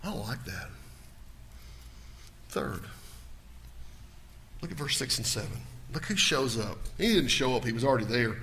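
A male pastor preaching a sermon in a church, swinging from loud to hushed. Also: medium pitch, animated, unhurried, creaky, long pauses, slight background noise.

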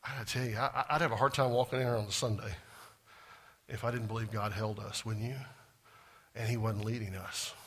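A man's voice: fairly low pitch, fairly even intonation, fairly quick, long pauses, fairly bright tone, slightly rough. A man preaching a sermon, chatty and self-joking, asking the congregation questions. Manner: conversational, asks the congregation questions, jokes at himself. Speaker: pastor. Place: church sanctuary.

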